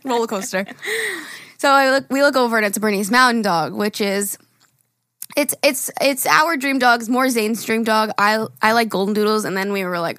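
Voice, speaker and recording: A woman's voice: a little high, a little fast, fairly bright tone, no room sound. Young woman, twenties, podcast co-host; chatty storyteller, casual swearing, close dry mic. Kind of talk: casual chat.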